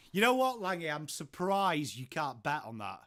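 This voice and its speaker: An English-accented man hosts a live stream from home in a relaxed, chatty way. His voice sits a touch higher than most men's. He keeps addressing viewers by name and answering their messages as they come in. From England. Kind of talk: casual live watchalong chat.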